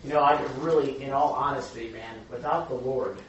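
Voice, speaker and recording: Hoarse, raspy man preaching in a hall. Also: mid-range voice, steady tone, normal speed, a crowd in the background. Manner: earnest, conversational preaching with many fillers. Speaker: pastor. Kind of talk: sermon. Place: church hall. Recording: echoey hall from a distant mic, dull.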